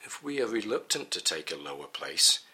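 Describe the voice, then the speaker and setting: Deep-voiced man giving a Bible teaching. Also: very animated, moderate pace, pushed and bright. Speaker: preacher.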